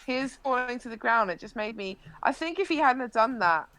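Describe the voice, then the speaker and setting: A woman's voice: on the high side, animated, brisk, a bit bright, rough recording. A young woman, a live-stream interview guest, animatedly recounting an incident with frequent restarts.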